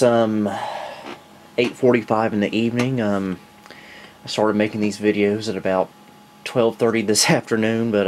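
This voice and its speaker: A fairly low-voiced man talks through his computer build, chatty and self-mocking. He sounds a little out of breath, recorded on a camera mic with a faint hiss behind him. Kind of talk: casual filmed narration.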